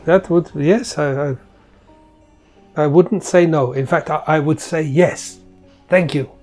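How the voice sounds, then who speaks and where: A man's voice: fairly high pitch, darkish tone, faint music behind. Man playing a polite, formal dwarf Otto. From Britain. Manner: formal, genteel, drawn-out.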